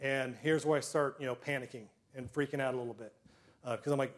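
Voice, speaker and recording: A middle-aged man telling personal stories to a live audience, self-deprecating, with comic timing and frequent throat clearing. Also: medium pitch, steady tone, fast talker. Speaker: storyteller.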